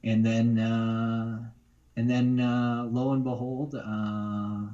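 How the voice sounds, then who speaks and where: A man's voice: medium pitch, level tone, very slow, dark tone, lo-fi sound. A man, a voice actor, talking casually in an interview, rambling with many fillers and restarts. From Canada. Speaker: guest voice actor.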